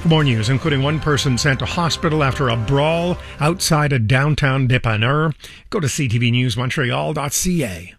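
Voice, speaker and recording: A man reading a scripted radio news update in a measured delivery. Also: medium pitch, soft background music. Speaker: newsreader.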